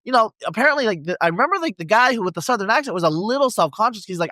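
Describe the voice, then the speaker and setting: Male podcast host, high bright voice, rambling and filler-heavy, dry sound. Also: animated, racing, hardly any pauses, no echo. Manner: rambling, many fillers and restarts. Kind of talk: conversational interview.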